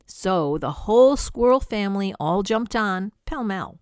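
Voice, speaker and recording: An older woman reading a rhyming picture book aloud, dramatic with soft whispered asides. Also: mid-range voice, animated, measured pace, few pauses, clear, resonant tone, no room sound, clean studio sound. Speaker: storyteller.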